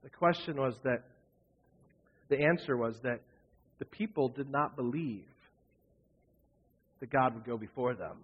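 A man's voice: mid-range voice, measured pace, long pauses, slightly rough. Man as pastor giving a sermon, earnest, leans on repeated phrases, dull lo-fi recording.

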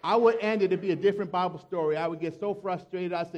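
A man's voice: high voice, quick pace, hardly any pauses. A man preaching a sermon in a conversational, joking way, breaking in with emphatic asides. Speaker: pastor.

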